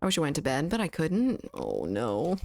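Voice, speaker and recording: A woman's voice: sits low, wildly swooping pitch, normal speed, gravelly, dark tone, dry recording. A woman from the southern United States with a mild Southern accent, chatting casually with her chat while streaming a game and often laughing.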